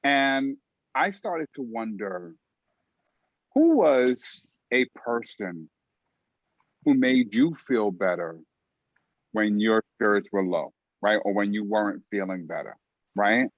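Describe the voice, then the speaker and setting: A man co-hosting a podcast, asking questions in a thoughtful, halting way and often ending with "right?". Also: lowish voice, animated, no room sound, highs cut off. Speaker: podcast co-host. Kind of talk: casual podcast conversation.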